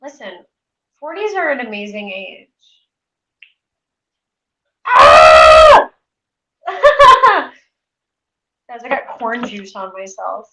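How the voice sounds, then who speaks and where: A woman's voice: medium pitch, lively intonation, moderate pace, fairly bright tone, slight background noise. A woman in her forties casually chatting and swearing as she cooks on a livestream. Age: 40s. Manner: chatty, profane, self-deprecating. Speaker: streamer. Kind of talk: casual cooking livestream chat. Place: home kitchen. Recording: echoey room, dull lo-fi audio.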